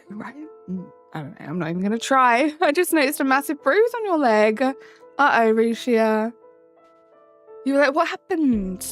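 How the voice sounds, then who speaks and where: A young English woman streaming live, chatting with viewers and greeting them by name, her sentences rising at the ends. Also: a little high. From England. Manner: bubbly, greets chatters by name, sing-song rising endings. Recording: faint music behind. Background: faint background music.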